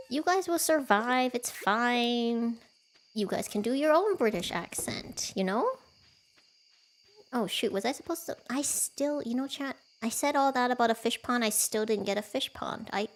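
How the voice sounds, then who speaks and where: A woman's voice: a little high, lively intonation, a little slow. A woman streaming a cozy farming game from home, chatting casually with her viewers, giggling often and poking fun at herself. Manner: chatty, giggly, self-deprecating.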